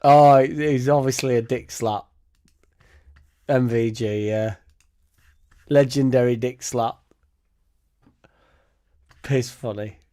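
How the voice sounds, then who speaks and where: A young fan channel host runs a casual livestream, laughing a lot, swearing freely and rambling as he reacts and thanks viewers. His medium-pitched voice is mellow and steady, slow-paced with frequent pauses.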